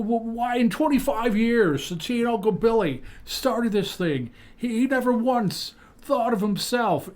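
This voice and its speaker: A man's voice: high voice, voice pushed up, lightly acted. A podcast host putting on the voice of an earnest, defiant young man who keeps stammering and restarting, in a comic dramatic reading. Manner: stammers and restarts, pleading and indignant. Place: podcast studio.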